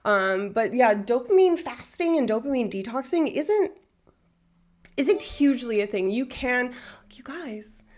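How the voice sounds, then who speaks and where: A woman's voice: a little high, expressive, measured pace, a little mellow. A woman streamer talking casually to her live chat, explaining things earnestly in a rambling way with many fillers. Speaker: Twitch streamer. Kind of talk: casual livestream chat answering viewers.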